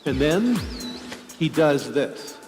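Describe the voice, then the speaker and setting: A man speaks from a conference stage with a very lively, animated pitch. His voice rings with a long reverb from a large hall. He jokes and explains with everyday examples, keeping the crowd engaged. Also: slow, soft background music. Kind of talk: conference keynote.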